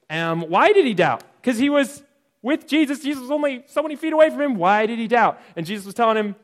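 A man's voice: high voice, lively intonation, fairly quick. A man teaching a Bible lesson to children, retelling the story in a playful, jokey way and talking straight to the kids. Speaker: Sunday school teacher.

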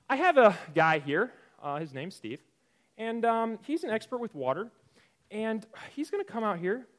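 A man's voice: high voice, a bit bright. A young man teaching a playful, jokey Bible lesson to children, often asking the audience questions. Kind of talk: lively kids' Bible lesson.

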